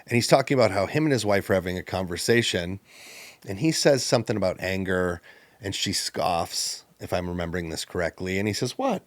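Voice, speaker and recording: Animated storytelling man, dry close sound. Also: low-pitched, no room sound. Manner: animated, acts out the people he quotes. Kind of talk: personal storytelling in conversation.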